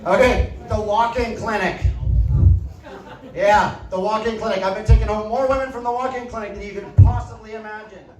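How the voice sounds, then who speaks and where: Stand-up comic, male, high voice, deadpan storytelling, roomy club sound from a distance. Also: brisk, faint music behind. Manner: deadpan storytelling, tags lines with "right?". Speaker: stand-up comedian. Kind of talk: stand-up comedy set. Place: comedy club stage. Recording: echoey club audio from afar.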